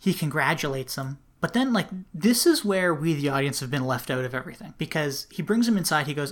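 A man's voice: fairly high pitch, expressive, quick pace, few pauses, fairly bright tone. A man co-hosting a podcast, casually retelling a film plot, chatty with frequent laughs and lots of "like". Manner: chatty storytelling, laughs often, many "like"s. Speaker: podcast co-host. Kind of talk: casual film recap chat.

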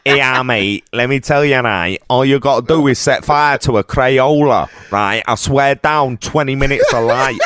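Bloke doing a cocky mock-northern lad, swaggering, says everything twice. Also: male voice, mid-range voice, measured pace, few pauses, fairly bright tone, slight background noise, lightly acted. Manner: brash, streetwise, repeating himself. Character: mock impression of his northern co-host, swaggering.

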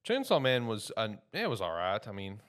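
A podcast host talks through the episode in a relaxed, rambling way. He leans on fillers and restarts and sounds easygoing. His voice sits a little on the low side. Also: moderate pace. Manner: rambling, filler-heavy, loose and chatty. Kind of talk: casual anime episode recap.

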